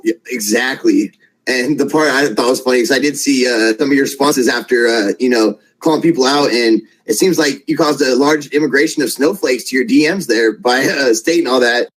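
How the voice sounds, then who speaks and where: A man's voice: medium pitch, brisk, breathy edge, poor audio. A man hosting an interview, asking questions in an easygoing, agreeable way. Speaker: host. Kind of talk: casual interview talk.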